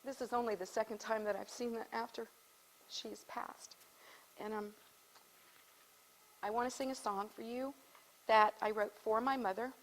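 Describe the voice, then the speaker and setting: A woman in her fifties gives a heartfelt, halting speech at an event, choked up at times. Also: fairly high pitch, steady tone, poor audio. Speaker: guest speaker.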